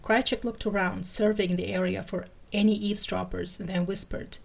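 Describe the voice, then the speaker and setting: A woman's voice: mid-range voice, fairly even intonation, moderate pace, vocal fry, slightly rough. A woman podcast host giving a playful dramatic reading of fan fiction.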